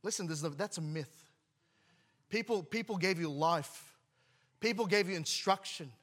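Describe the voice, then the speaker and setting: A man's voice: high-pitched, pushed and bright. A man preaching a sermon to his congregation, emphatic, often restarting words and letting his voice drop at the end of phrases. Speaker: pastor.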